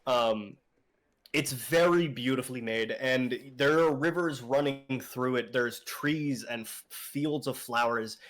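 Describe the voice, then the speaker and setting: A man's voice: mid-range voice, slow, a bit bright. Young male game master, loose rambling narration, casual and profane. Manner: casual, rambling with fillers and swearing.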